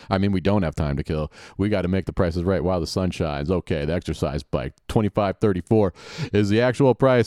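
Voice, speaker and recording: A man hosting a podcast, giving sarcastic, mocking play-by-play of a TV game show with quick asides. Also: low voice, warm tone, clear, resonant tone, no echo, clean studio sound. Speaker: podcast host.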